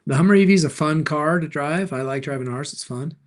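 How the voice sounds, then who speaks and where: A middle-aged man hosting a live stream, answering viewer questions in an upbeat, joking way. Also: a little high. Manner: upbeat, jokey, quick replies to chat. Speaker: livestream host and car dealer.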